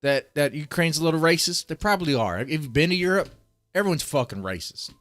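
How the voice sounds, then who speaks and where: A man's voice: fairly high pitch, animated, a little fast, fairly bright tone, soft background music. A man reacting to a video on a live stream, greeting chatters and ranting with heavy swearing. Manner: profane, ranting, mocking. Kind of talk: casual live-stream commentary.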